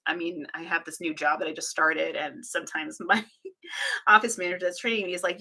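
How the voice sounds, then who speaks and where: A woman's voice: on the low side, steady tone, brisk, pushed and bright, husky. A woman chatting casually on a live stream, talking to her chat with frequent laughs and sarcastic, self-deprecating asides.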